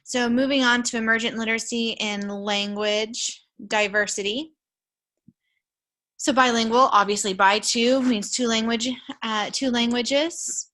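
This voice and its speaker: A woman's voice: mid-range voice, bright, forceful tone. A young woman teaching a recorded college lecture, casual and chatty with frequent fillers, speaking into a computer mic. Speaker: college instructor. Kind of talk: recorded lecture with shared screen.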